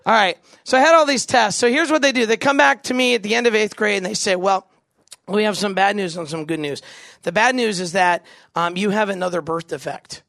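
Gravelly high-voiced man telling a funny story. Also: fairly quick, dry recording. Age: 40s. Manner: animated, jokey, asks the crowd questions. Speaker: camp speaker. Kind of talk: comedic storytelling to a live audience.

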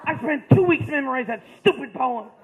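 A man's voice: extremely high pitch, expressive, fairly quick. A man voicing an angry teenage girl who speaks heatedly. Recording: tinny phone-like sound.

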